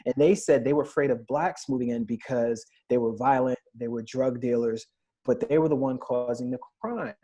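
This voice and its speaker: A man's voice: medium pitch, normal speed, mellow. A man in his thirties on a podcast panel, earnestly recounting personal stories in a candid discussion.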